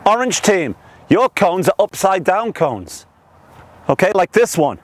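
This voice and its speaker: A man coaching a soccer practice on an outdoor field, calling loud energetic commands and counting down. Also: high-pitched, unhurried.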